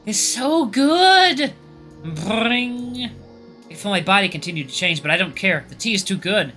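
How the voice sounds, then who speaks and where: A young man reading a visual novel aloud with casual asides, expressive and lively. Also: sits high, fast talker, faint music behind. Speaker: gaming YouTuber.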